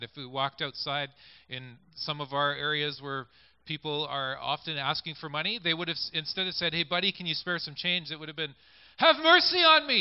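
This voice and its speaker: A man's voice: a little high, smooth, no room sound. A male preacher giving a sermon in a conversational way, reading scripture and inviting listeners to picture the scenes. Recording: dull lo-fi recording.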